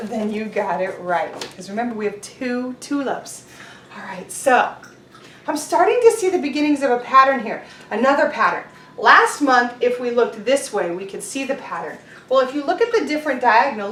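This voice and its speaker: A woman teaching young children in an online class, leading calendar time and storytime in a gentle, encouraging way. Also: a little high, animated, moderate pace, a little hiss or hum. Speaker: preschool teacher.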